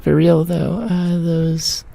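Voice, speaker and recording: A woman chatting softly during a live gaming stream in an ASMR style, often dropping into a whisper and toying with words. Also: sits low, little pitch movement, slow pace, creaky. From United States. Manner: soft, often slipping into a whisper, playful. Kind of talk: soft-spoken ASMR gaming stream chat.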